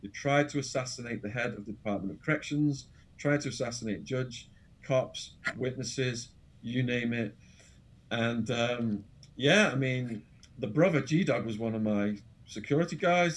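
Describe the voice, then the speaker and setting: A man with an English accent, an interview guest telling an animated, dramatic anecdote full of quoted voices. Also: medium pitch, moderate pace. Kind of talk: storytelling anecdote.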